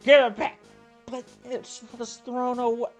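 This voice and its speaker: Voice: monotone, unhurried, a little mellow, soft background music, close to an everyday voice. A let's play narrator voicing a hostile, petty grouchy old man in a game. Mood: furious. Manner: shrill, indignant and bickering.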